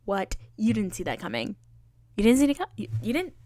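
There's noise in the background as a medium-pitched woman talks very animatedly and a little fast. She's hosting a solo podcast, rambling, mocking herself playfully, and chatting with heaps of fillers.

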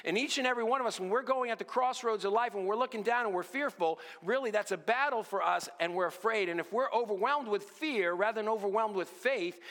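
A man preaching an earnest sermon, often dropping to a low hush on key lines. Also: long reverb tail. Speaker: pastor.

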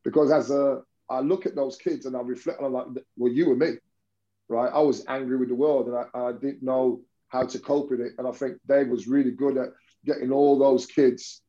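A man's voice: medium pitch, fairly even intonation, moderate pace, mellow, dull audio. A man, a basketball coach telling stories in an interview, rambling with many restarts. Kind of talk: conversational interview storytelling.

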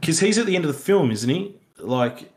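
A man chatting casually as a podcast co-host, rambling and animated, acting out lines he imagines characters saying. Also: a little high, moderate pace. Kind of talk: casual film review chat.

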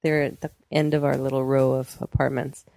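A woman's voice: rumbling low, little pitch movement, a little fast, creaky, darkish tone, no echo. A woman co-hosting a podcast, casually telling a neighbor story, laughing often and acting out the voices of people she quotes. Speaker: podcast co-host.

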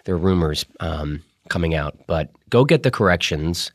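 A podcast host with a very low voice talks in a loose, rambling monologue, full of ums and restarts. His throat sounds a little rough from a cold. The recording is dry and close, with no room sound. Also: expressive, moderate pace, no echo. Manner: chatty, rambling with many fillers and restarts. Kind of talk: casual monologue.

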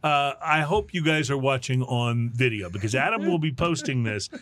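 A man's voice: medium pitch, animated, normal speed, a bit bright, no echo. Laughing man doing mock news. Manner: laughs often, mock-newscaster delivery. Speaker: host. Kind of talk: casual podcast news banter.

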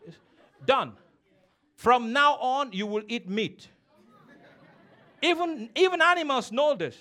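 A man's voice: very high voice, animated, slow, sharp tone, some chatter behind. A man preaching a sermon as a pastor, emphatic and teasing, calling on the congregation to respond.

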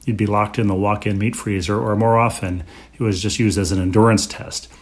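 Low-voiced wisecracking man co-host. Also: fairly even intonation, a little fast, breathy edge. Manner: dry, wisecracking quips. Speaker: podcast co-host. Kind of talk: casual chat.

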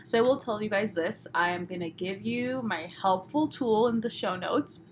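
A woman with a Southern California accent talks quickly and crisply through a solo podcast episode. Her chatty, upbeat delivery is full of little fillers, with her voice at an ordinary middle pitch. A faint room noise sits under her podcast microphone. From Los Angeles, USA. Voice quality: fast-talking, crisp pronunciation. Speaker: podcast host.

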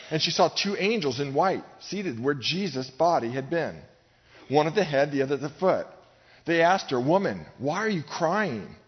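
A middle-aged male pastor preaching a sermon in a large gym, speaking emphatically and directly to his congregation. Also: fairly high pitch. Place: large gym used for church services. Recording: long hall reverb, dull sound.

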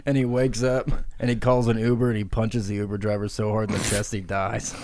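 A man's voice: lowish voice, little pitch movement, fairly quick, noisy background. A man co-hosting a podcast, riffing in casual comic chat with a laid-back, profane delivery. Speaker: podcast co-host.

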